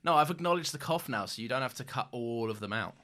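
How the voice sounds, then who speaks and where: A man co-hosting a podcast in casual chat, teasing and quick to laugh, with a bad cough. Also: medium pitch, animated, sharp tone. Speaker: podcast co-host.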